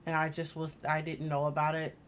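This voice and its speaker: A woman's voice: low-pitched, completely flat delivery, a little fast, slight background noise. A woman streaming a game, chatting casually, rambling through stories and laughing often.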